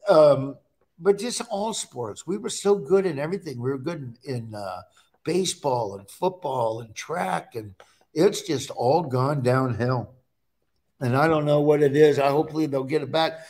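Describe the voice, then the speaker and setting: A man's voice: a little high, unhurried. Chatty Nebraska man telling stories. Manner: storytelling, animated, acts out his own quotes. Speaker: guest. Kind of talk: casual chat.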